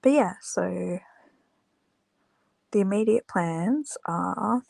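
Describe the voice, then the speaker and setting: A tired, yawning woman chats casually to camera with a slow, unhurried delivery full of fillers. Her voice has a gravelly, creaky edge. The sound is close and dry, with no room around it. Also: mid-range voice, darkish tone, dry recording. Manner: rambling, many fillers, unhurried. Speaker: small-business candle maker vlogger.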